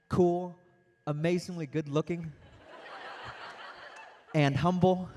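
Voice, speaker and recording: A young adult man giving an animated, interactive motivational speech to a youth audience, telling stories and acting out quotes. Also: a little high. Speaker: motivational speaker.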